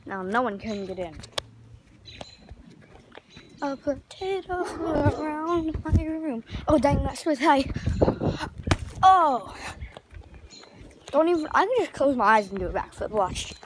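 Woman rambling on a trampoline outside, kinda high voice, lots of background noise. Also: normal speed, pauses often. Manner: rambling, filler-heavy excited chatter. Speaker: vlogger. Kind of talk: casual vlog chat. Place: outdoors on a backyard trampoline.

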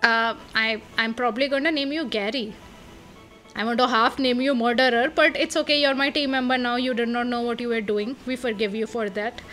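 An excitable woman narrates her own gameplay, her voice pitched high and ringing bright. She thinks out loud, trailing off in fillers and restarts. Soft game music runs underneath. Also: a little fast. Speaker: let's play gamer. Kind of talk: casual game commentary.

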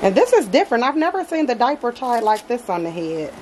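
A woman's voice: a little high, big pitch swings, a little fast, noisy background. Gushing woman unboxing a doll at home. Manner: gushing, affectionate, addresses viewers as y'all. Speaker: reborn doll collector vlogger. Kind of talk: casual unboxing chat. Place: dim home nursery.

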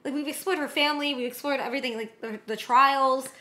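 A young woman with a high, bright voice talks through a show she just watched, animated and rambling. She keeps slipping into quick character voices to act out lines, then drops back into casual chat. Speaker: co-host of a reaction show.

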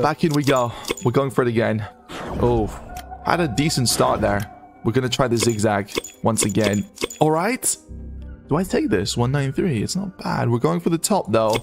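A young man giving live, excitable commentary on online casino bets, counting numbers aloud and exclaiming at every win. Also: medium pitch, moderate pace, faint music behind.

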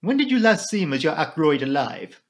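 A man's voice: a little high, sing-song, normal speed. A man voicing a fussy older male Belgian detective, formal and elaborately polite. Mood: theatrical polite.

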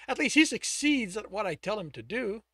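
A man's voice: high-pitched, big pitch swings, fairly quick, sharp tone, no room sound, studio quality, voice pushed up, exaggerated voice. A man voicing a cruel, domineering father who berates his son with contempt. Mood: scornful. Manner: scornful, berating.

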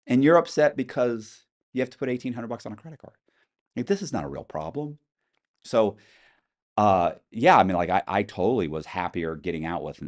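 Low-voiced man telling animated stories. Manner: animated storyteller, acts out quotes, curses casually. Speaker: interview guest. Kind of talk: casual storytelling.

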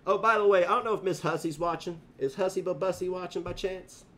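A man's voice: high voice, fairly even intonation, fast talker, fairly bright tone. A male live streamer delivering a profane, confrontational rant full of taunts. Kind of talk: livestream rant.

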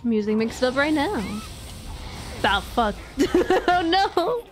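Slow-talking, chatty woman streamer. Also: fairly high pitch, expressive, faint music behind. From Maritimes, Atlantic Canada. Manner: chatty, swears, laughs often. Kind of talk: casual live-stream chat.

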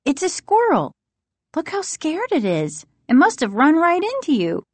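A woman's voice: high-pitched, huge pitch swings, unhurried, no room sound, voice pushed up, full character voice. A woman voicing an anxious, protective older sister in a storybook reading, giving urgent, worried warnings. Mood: relieved.

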